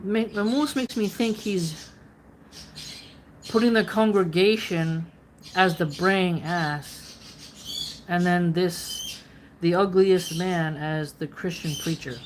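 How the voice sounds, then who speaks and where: A woman with a lowish voice hosts a philosophy reading. She reads passages aloud and stops often to unpack them in a chatty, playful way, full of casual asides. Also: slight background noise, poor audio. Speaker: philosophy channel host.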